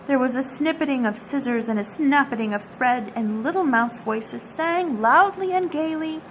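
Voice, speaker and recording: A woman reading a classic children's story aloud at a storytime, gentle and expressive. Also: high-pitched, normal speed, slight background noise, low-quality recording. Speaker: storytime reader.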